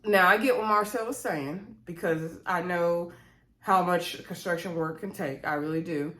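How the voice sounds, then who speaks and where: A woman's voice: lowish voice, normal speed, fairly bright tone. A woman giving a casual, opinionated recap of a reality show, chatty, with slangy asides to her viewers.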